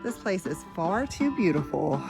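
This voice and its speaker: A woman's voice: fairly low pitch, big pitch swings, moderate pace, creaky, over music. A woman chatting cheerfully to her viewers in a casual travel vlog, filmed outdoors on a handheld camera. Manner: cheerful, talks to viewers as "guys". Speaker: vlogger.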